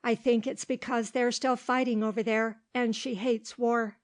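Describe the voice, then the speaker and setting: Old gossipy male dog, folksy talk, rather high voice, read by a woman. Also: little pitch movement, measured pace, close to an everyday voice.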